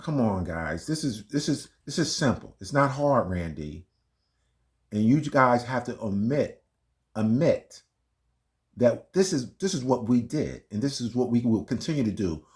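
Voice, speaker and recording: With a mid-range voice, lively intonation, and a darkish tone, a commentary channel host speaks at a moderate pace. He talks casually in his reaction video, making emphatic arguments between clips and struggling with playback.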